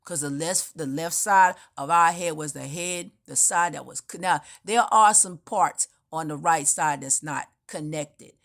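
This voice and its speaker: A woman's voice: sits low, unhurried, few pauses, fairly bright tone. A woman giving an unscripted spiritual monologue, telling her story in a meandering, emphatic way with frequent restarts. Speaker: spiritual speaker.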